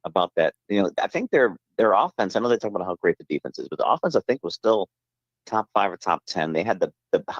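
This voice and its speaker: A man's voice: low voice, expressive, fast, no echo. A man calling in to a sports talk show, talking in rambling, emphatic bursts. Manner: rambling, emphatic, full of restarts. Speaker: caller. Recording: muffled call-in line.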